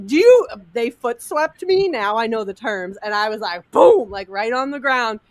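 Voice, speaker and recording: A woman in her thirties telling a wild personal story in casual chat, animated and laughing, acting out quotes over a video call. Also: fairly high pitch, normal speed, hardly any pauses, dry recording.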